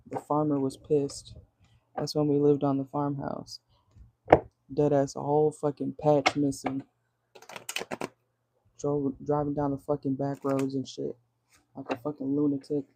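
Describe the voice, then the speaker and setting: A woman's voice: low voice, dark tone. A woman giving a casual tarot reading from her car, chatty and blunt, laughing often and swearing freely. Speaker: tarot reader.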